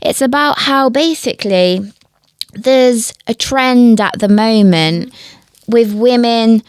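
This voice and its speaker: Bright-voiced Northern English woman host. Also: a little high, takes it slowly, clear, resonant tone, no echo. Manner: chatty and enthusiastic. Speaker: podcast host. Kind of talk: casual podcast conversation.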